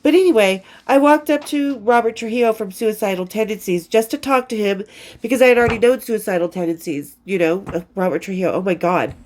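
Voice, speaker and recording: A woman's voice: medium pitch, brisk, darkish tone. A woman in her fifties reading from her old diary and telling rock stories in a rambling, profane way, often losing her place and starting over. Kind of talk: casual storytelling, reading diary entries.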